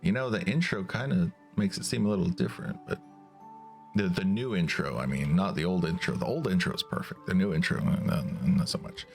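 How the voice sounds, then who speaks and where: A man's voice: sits low, fairly quick, vocal fry, soft background music. A man streaming a game, musing aloud in casual commentary. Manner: musing, talking to himself.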